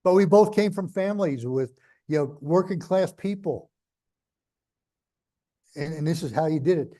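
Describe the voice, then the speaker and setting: This older man with a New York accent speaks at a normal speed, his voice a little high and warm in tone. As a guest in an on-stage interview, he spins blunt, rambling, jokey stories in a conversational way.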